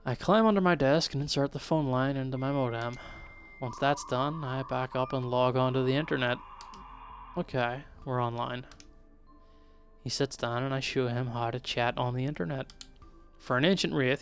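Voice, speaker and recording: A man's voice: mid-range voice, clear, resonant tone. A man streaming, reading a visual novel aloud in a plain, easy voice. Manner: reads narration and the hero's lines in a plain, easy voice.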